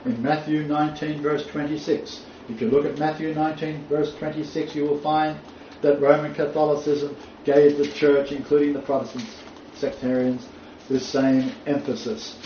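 A man's voice: on the high side, level tone, normal speed, warm tone. A man preaching a sermon, quoting scripture emphatically and rising on key phrases. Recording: roomy, distant, dull, faint noise.

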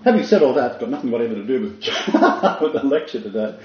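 Male Bible teacher, chatty with fillers and restarts; warm, echoing room sound. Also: medium pitch, sing-song, fast. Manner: conversational, with many fillers and restarts. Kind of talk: Bible lecture. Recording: dull, roomy hall recording.

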